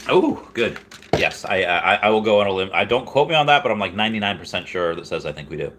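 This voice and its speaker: Male host in his thirties, lower-pitched, rambling and excitable, casual livestream chat with faint noise behind. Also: quick pace. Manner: rambling, with frequent restarts and fillers.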